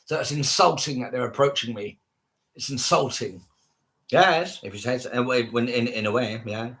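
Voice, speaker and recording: A man's voice: mid-range voice, normal speed, fairly bright tone. Man, casual rant, profane, scornful, repetitive.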